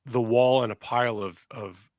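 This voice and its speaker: A man's voice: medium pitch, normal speed, no room sound, clean studio sound. A middle-aged man telling long, rambling stories on a podcast and acting out voices and sounds as he goes. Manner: rambling, animated, acts out quotes and sounds. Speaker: podcast co-host. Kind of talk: casual storytelling chat.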